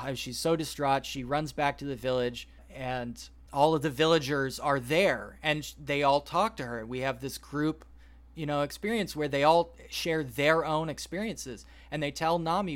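Man, podcast host, somewhat high voice, rambling, animated storytelling. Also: normal speed. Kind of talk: casual podcast chat, retelling a plot.

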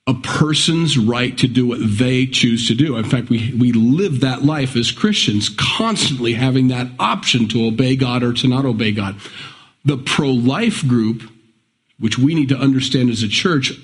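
A man preaching a conversational sermon as pastor, reading scripture and rising into emphatic pleas. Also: medium pitch.

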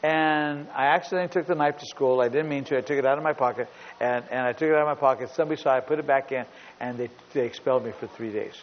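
A middle-aged pastor with a medium-pitched, lively voice preaches at a quick pace, telling stories emphatically and repeating his points. The recording sounds dull, captured in a large, reverberant hall.

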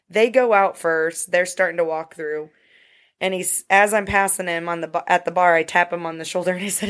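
A woman's voice: on the low side, steady tone, a little fast. A woman telling a story in a casual podcast chat, blunt and profane. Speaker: podcast co-host.

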